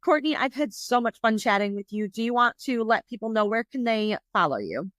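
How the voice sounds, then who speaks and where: A woman's voice: fairly high pitch, animated, brisk, a bit bright, no room sound. A woman from New York State hosting a podcast interview, chatty and upbeat with lots of casual fillers. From New York State, USA. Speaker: podcast host.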